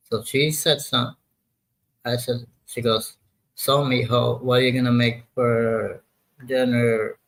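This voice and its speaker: A man's voice: on the low side, fairly bright tone, poor audio. A sixty-year-old man hosting a casual live chat, rambling and swearing, often laughing at his own jokes. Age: 60s. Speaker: livestream host.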